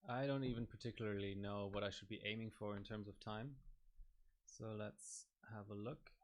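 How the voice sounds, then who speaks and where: Low-ish guy chatting on his stream, thinks out loud, lots of ums. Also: fairly even intonation. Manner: thinking aloud, halting with fillers. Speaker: overclocking livestream host. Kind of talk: casual livestream commentary.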